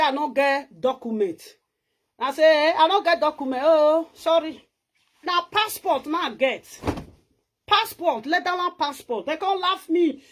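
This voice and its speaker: A woman speaks in a Nigerian Pidgin accent with a high, bright voice. She chats in a casual, boastful way in her home-tour video and laughs often. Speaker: vlogger.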